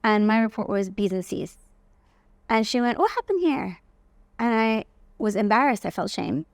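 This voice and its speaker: A woman from England, a guest in an interview telling lively personal stories and often saying "like". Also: medium pitch, normal speed, no echo. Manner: animated, acts out quoted voices, frequent "like". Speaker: guest, facial aesthetics practitioner.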